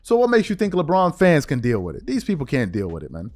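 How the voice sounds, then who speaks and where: A man hosting a podcast, giving a mocking commentary monologue that swings between hushed asides and loud outbursts. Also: on the high side, wildly swooping pitch, quick pace. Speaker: podcast host.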